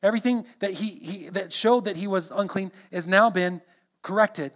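A man with a notably high speaking voice delivers an earnest sermon. He teaches through a scripture passage verse by verse, explaining each part as he goes. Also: moderate pace, a bit bright. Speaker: preacher. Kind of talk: expository sermon.

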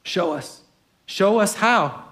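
A man voicing a calm, devout adult woman prisoner, speaking matter-of-factly. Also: high voice, slow pace, heavily acted.

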